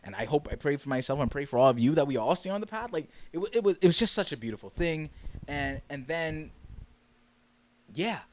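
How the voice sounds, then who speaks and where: A young man from the Bahamas talks on his own podcast in a loose storytelling ramble. His voice sits a bit high and leaps around with lively swings. He stumbles and restarts often, full of "like" and "bro.". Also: brisk. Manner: excitable, many fillers and restarts. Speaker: podcast host. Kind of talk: casual storytelling monologue.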